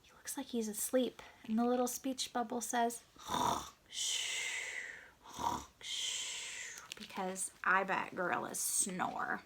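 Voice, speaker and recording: Slow, high-voiced woman reading to kids. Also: huge pitch swings, creaky, a little hiss or hum. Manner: gentle, questioning, dips into hushed whispers. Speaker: children's story reader. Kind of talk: picture-book read-aloud for young children.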